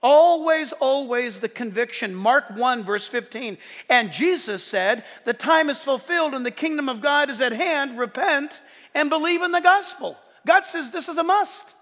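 A pastor preaches with a lively, animated delivery, briefly acting out the voices he quotes. His voice sits very high and rings bright and forceful. It carries through a large hall with a long, trailing reverb. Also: normal speed. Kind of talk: sermon.

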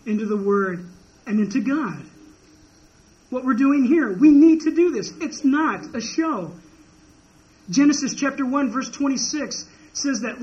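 A man's voice: extremely high pitch, darkish tone. A man preaching a sermon in an earnest way, rising and falling for emphasis. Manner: earnest, rises and falls in emphasis. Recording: dull lo-fi recording.

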